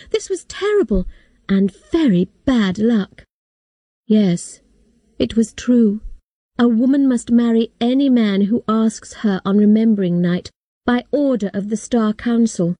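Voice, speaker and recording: A woman calmly reading a first-person story aloud, as audiobook narration. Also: a little high, dry recording.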